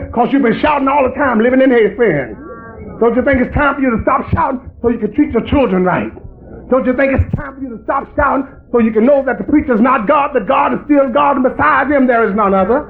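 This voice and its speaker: Very high, gravelly fiery preacher man. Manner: fiery, rising into shouted preaching. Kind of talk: sermon. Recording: tinny lo-fi recording with faint hiss.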